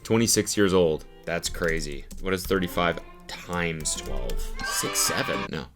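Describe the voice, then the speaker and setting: A man in his thirties doing comedic reaction commentary on podcast clips, swinging into loud goofy voices and crude jokes. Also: sits low, lively intonation, a little slow, loud music behind the voice. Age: 30s. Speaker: commentary host.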